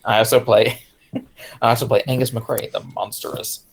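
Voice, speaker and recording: A man's voice: medium pitch, fairly even intonation, moderate pace, creaky, slight background noise. A man introducing himself as a tabletop player, scattered and joking with mock gloom. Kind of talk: casual chat over an online call.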